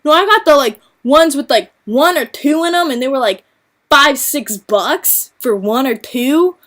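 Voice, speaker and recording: A woman's voice: sits high, expressive, measured pace, fairly bright tone. A young woman vlogging a casual rant, chatty and exasperated, swearing freely and saying "like" a lot. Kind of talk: casual venting rant to camera.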